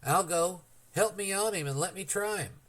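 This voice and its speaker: Figure: eager young boy, voiced by a male reader. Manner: high and breathless. Style: audiobook character voice. Pitch: raised. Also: normal speed, fairly bright tone.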